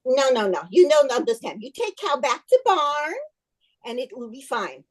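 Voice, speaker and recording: A woman voicing an old, wise male village rabbi who speaks in broken English with unhurried confidence. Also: sits high, very animated. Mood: scolding.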